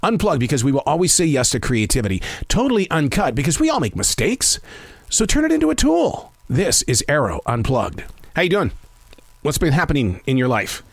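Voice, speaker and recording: A man in his fifties hosts his own podcast, his voice on the high side with no echo. In this casual solo monologue he rambles and reflects on himself, often stammering and restarting.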